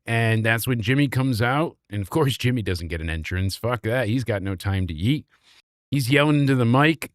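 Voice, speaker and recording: A man's voice: medium pitch, no room sound, studio quality. Sarcastic man recapping wrestling. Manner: animated, sarcastic, swears freely. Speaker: wrestling show reviewer. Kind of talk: casual recap and commentary.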